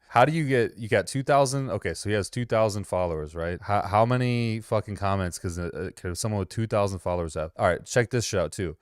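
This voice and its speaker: A man with a slightly low-pitched voice talks through a casual reaction commentary. He rambles, swears freely and mocks what he sees. The sound is close and dry, with no room around it. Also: clear, resonant tone, no room sound. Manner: profane, mocking, rambling. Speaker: commentary host.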